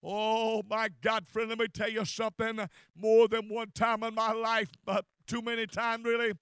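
Older man, pastor, fervent sermon, smooth clear voice, dry close sound. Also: high voice, monotone, moderate pace, fairly bright tone, no echo. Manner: fervent, repetitive exclamations.

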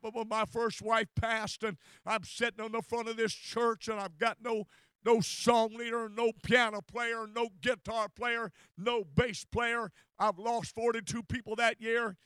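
Fervent high-voiced older preacher man. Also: level tone, normal speed, fairly bright tone, clean tone, no echo. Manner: fervent, repetitive exclamations. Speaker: pastor. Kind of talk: sermon.

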